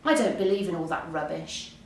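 A woman's voice: low voice, fairly quick, a little hiss or hum. A woman voicing a grumpy, sleepy male pig in a storybook reading, scoffing and no-nonsense. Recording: roomy, distant mic.

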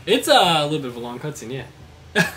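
A man's voice: on the high side, sing-song, quick pace, a bit bright, a little hiss or hum. A young man co-hosting a casual let's-play, chatty and laughing often as he tells stories. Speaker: co-host gaming commentator.

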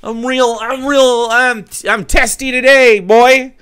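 A man's voice: extremely high pitch, fairly even intonation, slow, sharp tone, clean tone, pitched above the performer's own voice, full character voice. A man putting on the voice of an angry male pundit to mock him with exaggerated, whiny huffing. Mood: mock outrage. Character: agitated male pundit faking anger, mocked.

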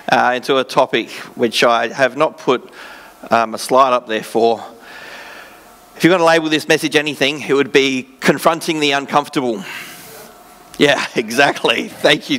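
A man's voice: mid-range voice, normal speed, a bit bright. A man preaching a sermon in church, reading scripture with joking asides in a casual way. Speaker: pastor.

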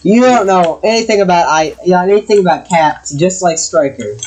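A woman chatting casually while gaming, loudly scolding her cat, swearing and laughing. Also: fairly low pitch, expressive, normal speed, slight background noise, low-quality recording. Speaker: gamer.

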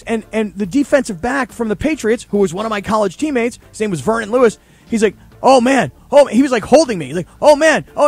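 A middle-aged man, a former kicker, telling animated stories in casual sports radio chat. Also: high voice, no room sound. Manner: animated storyteller.

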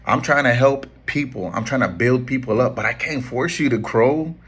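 A middle-aged man with a husky, slightly rough voice speaks earnestly to his listeners. He pleads and coaches, repeating his key lines for weight. His pitch sits in an ordinary male middle range. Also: normal speed, a bit bright. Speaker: barber and shop owner. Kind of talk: motivational talk to camera.

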